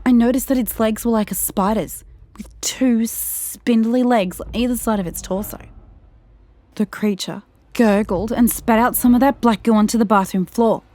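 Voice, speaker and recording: A woman narrating a scripted first-person horror story in a tense, hushed way, sometimes slowing down or dropping to a whisper. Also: on the high side, fairly even intonation, no room sound.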